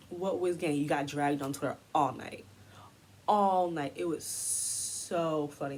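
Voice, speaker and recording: A woman's voice: low-pitched, fairly even intonation, moderate pace, darkish tone, slight background noise. A woman giving a heated commentary rant, indignant and sarcastic. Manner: indignant, sarcastic, mocking quoted voices. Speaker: commentary vlogger.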